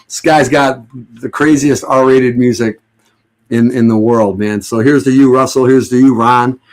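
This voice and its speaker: A man's voice: mid-range voice, fairly even intonation, measured pace. A middle-aged man chatting casually to his stream viewers at home, sarcastic and joking, rambling with many restarts. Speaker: livestream host.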